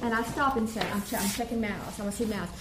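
A woman choir director giving a workshop, explaining and demonstrating warm-ups and singing vowels for her listeners. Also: mid-range voice, fairly even intonation, quick pace, noisy background. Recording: echoey room with faint ambience.

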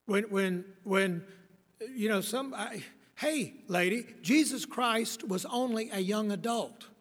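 A man's voice: high voice, slow, long reverb tail. A man in his sixties, a preacher giving a rambling, wry and blunt talk on preaching, with many fillers and restarts. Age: 60s. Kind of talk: lecture on preaching.

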